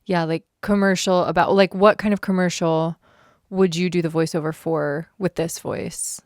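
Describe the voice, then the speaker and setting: A young woman co-hosting a casual chat podcast, wry and quick to laugh with playful asides. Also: lowish voice, steady tone, no room sound, clean studio sound. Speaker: podcast co-host.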